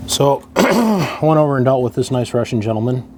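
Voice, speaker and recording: A man's voice: medium pitch, big pitch swings, a little fast, darkish tone, a little hiss or hum. A middle-aged man talking casually to himself while he works on equipment, wry and grumbling as the job fights him. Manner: wry, grumbling, talks to himself over a stubborn task. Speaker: radio hobbyist working on an amplifier. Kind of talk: casual rambling monologue while working.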